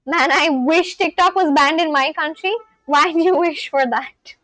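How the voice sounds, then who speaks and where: A young woman from India chatting casually on a livestream, reading out viewers' comments and reacting with gushing excitement. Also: high voice, a little slow, no echo, poor audio. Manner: gushing, reads chat aloud and reacts.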